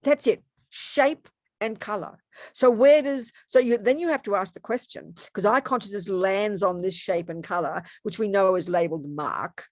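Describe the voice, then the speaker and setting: A woman's voice: medium pitch, normal speed, dry recording. A woman giving a casual Buddhist teaching, chatty and playful, with joking asides and frequent self-corrections. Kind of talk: casual dharma teaching talk. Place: home room.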